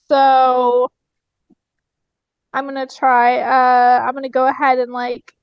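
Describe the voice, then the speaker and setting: A woman's voice: sits high, completely flat delivery, slow, smooth, no room sound, muffled recording. A woman playing a tabletop game, talking hesitantly with many fillers. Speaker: player. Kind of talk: casual tabletop game chat.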